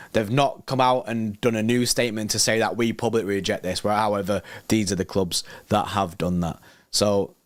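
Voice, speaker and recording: Excitable slangy young man. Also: mid-range voice, no room sound, clean studio sound. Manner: excitable, slangy, reads news aloud and riffs. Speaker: football livestream host. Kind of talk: casual livestream chat reacting to news.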